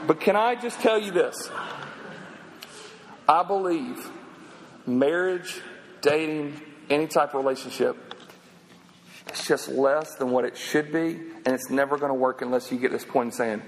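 A man in his thirties preaching a sermon, telling a story in an animated, conversational way and then praying. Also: medium pitch, normal speed, pauses often, in a large hall, slight background noise, poor audio. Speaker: pastor.

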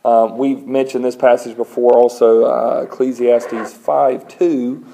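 On a low-quality recording, a man's mid-range, creaky voice moves at a measured pace. He's a pastor delivering a conversational sermon with light humor, frequent fillers and restarts, and animated stories where he acts out other people's voices.

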